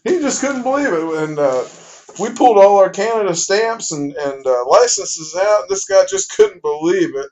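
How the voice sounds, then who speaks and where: A man's voice: sits high, expressive, normal speed, a little mellow. A man casually telling a joke as a personal anecdote, folksy and rambling with fillers. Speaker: storyteller. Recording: dull lo-fi recording.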